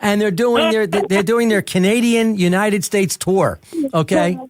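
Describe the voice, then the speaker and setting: A man's voice: high-pitched, a little slow. An older man hosting a radio interview, telling chatty stories and acting out quotes. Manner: chatty storyteller, acts out quotes. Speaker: radio show host. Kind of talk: casual interview chat.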